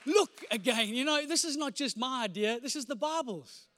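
A man in his forties, a pastor preaching with animated, comic storytelling, sound effects and repeated phrases. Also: extremely high pitch, fairly quick. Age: 40s. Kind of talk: storytelling sermon.

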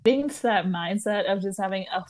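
A woman's voice: mid-range voice, brisk. A young woman in her twenties co-hosting a podcast, chatting casually with lots of laughter, fillers and restarts. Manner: animated, laughs often, many fillers and restarts. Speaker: podcast co-host. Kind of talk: casual chat.

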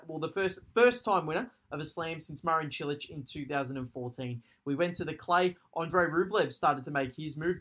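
Podcast host: man, somewhat high-pitched, casual and enthusiastic, talks in long run-on stretches. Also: pushed and bright. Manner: rambling, enthusiastic recap with fillers. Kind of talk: casual sports podcast chat.

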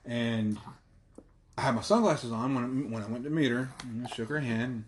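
A man's voice: medium pitch, moderate pace, slight background noise. A young man from the American South with a Southern accent, co-hosting a casual chat, rambling with restarts and casual swearing. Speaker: podcast co-host.

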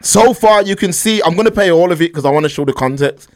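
Male streamer, high-pitched, animated reaction commentary. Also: fast. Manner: animated, talks to the chat. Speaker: stream host reacting to a clip.

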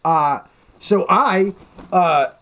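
A man with a notably high voice trades jokes in a loose comedy podcast. He rambles, restarts and laughs often. He reads little toy poems aloud in a singsong way. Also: very slow, a bit bright. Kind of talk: casual comedy chat.

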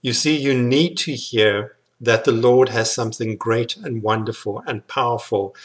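A man's voice: medium pitch, fairly even intonation, a little slow. A man preaching a sermon in an earnest, emphatic way, often repeating words for weight. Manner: earnest, repetitive emphatic phrasing.

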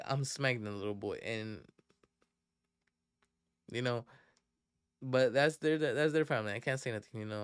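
A man's voice: mid-range voice, smooth, dry recording, clean studio sound. A young man hosting a podcast, telling a story casually in slang with lots of fillers and restarts. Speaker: podcast host.

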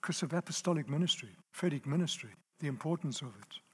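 A man delivering a sermon in a high, light voice. He stresses his points, says them over again and asks his listeners if they are with him. The sound rings out with the long reverb of a large hall. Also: expressive, fast, a bit bright, slightly rough. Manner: emphatic, repeats key phrases, asks the audience if they are there. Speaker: preacher.

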